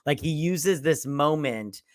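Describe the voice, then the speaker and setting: A man's voice: on the high side, slow, dry recording. A male host giving a casual, enthusiastic episode review, rambling and swearing freely.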